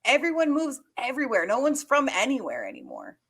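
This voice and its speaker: A woman from Georgia co-hosting a podcast, talking about movies in an animated, chatty way that includes swearing. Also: sits high, a little fast, husky. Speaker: podcast co-host. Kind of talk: casual movie review chat.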